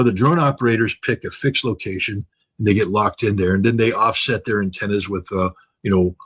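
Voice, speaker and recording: A man's voice: fairly low pitch, a bit bright, husky, low-quality recording. An older man giving impassioned commentary, talking emphatically with many fillers, restarts and repetitions.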